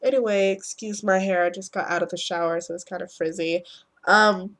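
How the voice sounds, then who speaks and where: A woman's voice: fairly low pitch, fairly even intonation, a little fast, fairly bright tone. A teenage girl with a cold vlogging casual dating advice at home, rambling, swearing freely and acting out awkward thoughts. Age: teens. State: sick, voice affected by a cold.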